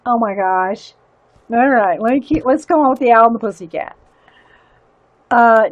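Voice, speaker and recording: A woman's voice: a little high, normal speed, pauses often, dry recording, muffled recording. A woman hosting a casual livestream, chatting and giggling as she stumbles through reading aloud. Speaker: livestream host showing zines.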